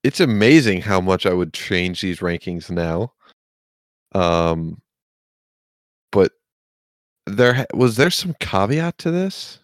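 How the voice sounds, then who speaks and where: Man, casual sports podcast, very low voice, slow unhurried delivery, self-deprecating. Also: big pitch swings, no echo. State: has the hiccups. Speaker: podcast co-host.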